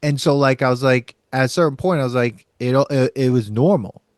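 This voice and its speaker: A man's voice: medium pitch, a little fast, no room sound, clean studio sound. A man from Long Island with a Long Island New York accent, co-hosting a podcast in casual chat, laughing often and saying "like" a lot. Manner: chatty, laughs often, lots of "like" and "you know". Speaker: podcast co-host.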